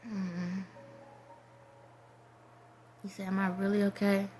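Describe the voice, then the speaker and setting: Soft-spoken reflective woman vlogger. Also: mid-range voice, level tone, slow, slight background noise. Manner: reflective, rambling, soft-spoken, trails off into whispers. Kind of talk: casual spiritual monologue.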